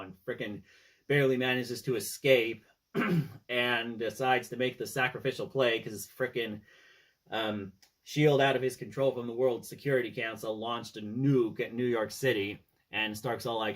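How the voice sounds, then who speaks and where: A man's voice: on the low side, fairly even intonation, normal speed, fairly bright tone. A man casually chatting about his favorite films as a fan, rambling with fillers and retelling scenes. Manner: rambling, with many fillers and "he's all like" retellings. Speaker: fan film commentator. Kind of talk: casual fan movie discussion.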